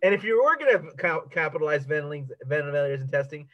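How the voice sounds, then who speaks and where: Guy chatting, kinda high voice that jumps around a lot, halting and wry, muffled lo-fi sound. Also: animated. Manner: wry, halting, picks apart details with amused disbelief. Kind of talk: casual chat. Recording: dull lo-fi audio.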